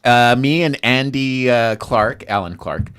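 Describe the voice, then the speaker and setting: A man's voice: medium pitch, expressive, a little slow, fairly bright tone, clean tone. A man hosting a comedy podcast who jokes, grumbles in mock protest and laughs often. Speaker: podcast host. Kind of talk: casual comedy podcast chat.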